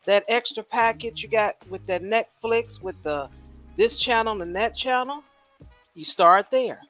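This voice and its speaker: Woman, livestream host, casual rambling chat, animated, rhetorical questions, faint music behind. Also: on the high side, measured pace, dry recording. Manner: chatty, animated, rhetorical questions, laughs at own jokes.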